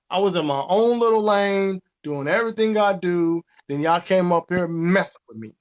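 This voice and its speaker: High-voiced man ranting animatedly. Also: normal speed, hardly any pauses. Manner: animated, profane, preachy. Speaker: podcast host. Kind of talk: casual rant.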